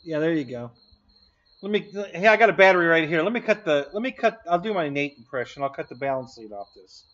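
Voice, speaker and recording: A man's voice: a little high, animated, quick pace, fairly bright tone. Guy hosting a live stream, joking with chat and laughing a lot, voice bounces all over, kinda dull lo-fi sound. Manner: jokey, laughs often, answers chat.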